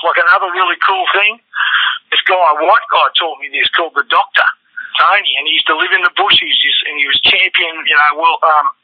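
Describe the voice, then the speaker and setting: Rambling Australian man, slightly high voice. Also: dry recording. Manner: rambling, swearing, slips into loud high-pitched impressions. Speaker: podcast guest. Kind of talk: casual storytelling chat. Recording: dull lo-fi dry sound.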